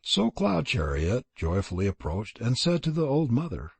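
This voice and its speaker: A man giving scripted audiobook narration in a measured storytelling manner, with a husky voice. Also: mid-range voice, big pitch swings, no echo.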